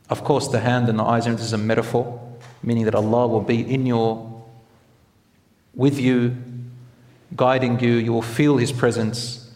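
A man's voice: mid-range voice, level tone, unhurried, pauses often, darkish tone. A man preaching a sermon in a conversational, storytelling way, mixing Arabic phrases into his talk. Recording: echoey hall reverb.

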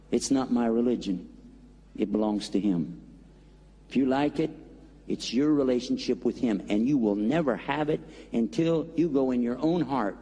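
Man, preacher, earnest and pleading, husky voice, long hall echo. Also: medium pitch, warm tone. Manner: earnest, pleading, drawn-out emphasis. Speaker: Muslim preacher. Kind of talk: preaching talk with acted-out story.

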